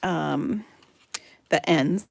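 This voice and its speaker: A chatty, giggly American woman hosting a live card-making demo, talking to viewers and murmuring softly while she works. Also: sits low, extremely slow, vocal fry, a little hiss or hum. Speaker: craft livestream host.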